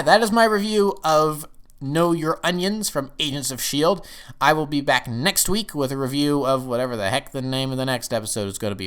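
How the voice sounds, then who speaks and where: A man with a mid-range, smooth and resonant voice talks casually as he reviews an episode. His talk rambles along, with sudden bursts where his pitch leaps up in excitement.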